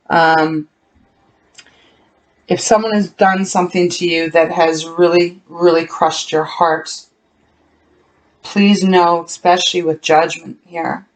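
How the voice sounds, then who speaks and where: This solo tarot reading for viewers comes in a medium-pitched voice, earnest and emotional throughout. The reader dwells slowly on painful words and keeps restarting or fixing sentences midway.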